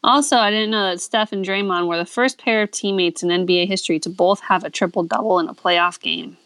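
A woman's voice: mid-range voice, fairly even intonation, brisk, a bit bright, clear, resonant tone, no echo. A woman in casual podcast chat, dropping wry quips. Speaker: podcast co-host.

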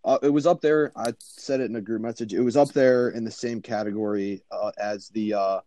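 A man co-hosting a sports betting podcast, speaking haltingly with many fillers. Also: fairly low pitch, steady tone, warm tone, dry recording. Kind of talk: casual podcast chat.

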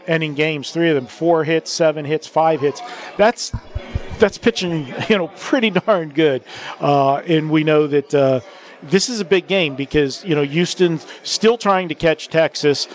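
A man hosting a sports betting talk show, chatting casually, laughing often and restarting sentences. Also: fairly high pitch.

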